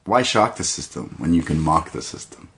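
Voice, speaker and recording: A man's voice: rumbling low, sing-song, normal speed, creaky, a bit bright. A young man co-hosting a casual wrestling podcast, laughing often as he retells scenes. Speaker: podcast co-host. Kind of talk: casual wrestling review chat.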